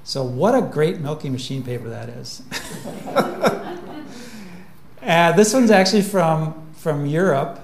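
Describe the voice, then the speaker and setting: Man, public lecture, relaxed, humorous, many fillers, slightly high voice, roomy hall echo. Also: moderate pace, vocal fry, hardly any pauses. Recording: echoey lecture room.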